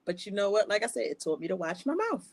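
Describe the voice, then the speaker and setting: A woman co-hosting a podcast, telling stories in a lively way and laughing often. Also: mid-range voice, fast. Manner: animated storyteller, laughs often. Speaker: podcast co-host. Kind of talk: casual chat.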